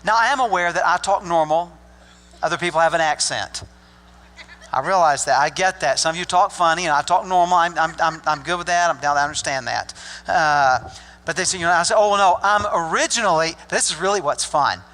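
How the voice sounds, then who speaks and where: Older male pastor from Arkansas, bright folksy delivery, joking asides, big reverberant hall. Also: fairly high pitch, fairly quick. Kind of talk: sermon. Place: church sanctuary.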